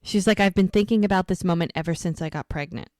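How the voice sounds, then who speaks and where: Talking quickly in a lowish voice, a woman co-hosting a podcast gives a casual rundown of a TV episode, animatedly acting out what the characters said. The recording is dry.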